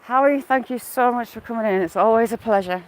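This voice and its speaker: A woman's voice: on the high side, fairly quick, poor audio. A woman out of breath on an outdoor walk, chatting casually on a live stream and greeting viewers by name. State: a bit out of breath. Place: outdoors on a woodland walk by water.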